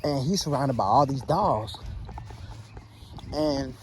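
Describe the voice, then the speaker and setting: A man narrates a spooky storytime tale in a relaxed, conversational way, stretching out fillers between beats. His voice is medium-pitched, and the poor audio has slight background noise.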